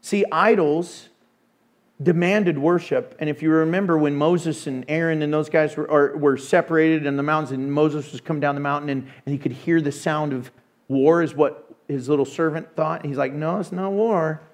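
A male pastor preaching a sermon in an animated way, acting out voices with sudden hushes and bursts. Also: on the high side, moderate pace.

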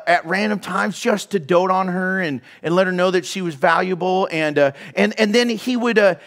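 A man preaching a sermon to his church, telling stories with animated swings and dropping to soft whispers for emphasis. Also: high voice. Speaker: pastor. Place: church hall.

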